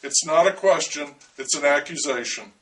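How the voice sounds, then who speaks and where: A man's voice: on the high side, normal speed, distant mic, slight background noise, low-quality recording. A man reading a first-person story aloud in a wry, dryly humorous way.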